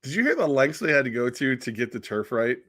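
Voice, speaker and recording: A man's voice: medium pitch, sing-song, fast, a bit bright, no room sound, studio quality. A man hosting a live sports talk show, teasing his co-host and rambling with lots of fillers. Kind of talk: casual sports chat.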